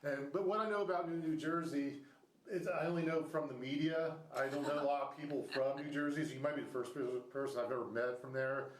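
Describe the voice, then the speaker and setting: A man's voice: on the high side, fairly even intonation, fast talker, reverberant, poor audio. A man in his thirties hosting a podcast, chatting casually with a guest and rambling through many restarts and fillers. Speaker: podcast host. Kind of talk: casual interview chat. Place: Ohio.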